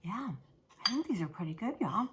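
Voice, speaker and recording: A woman's voice: medium pitch, animated, a little fast, background noise. A woman hosting a casual cooking show from her home kitchen, chatty and folksy, talking straight to her viewers.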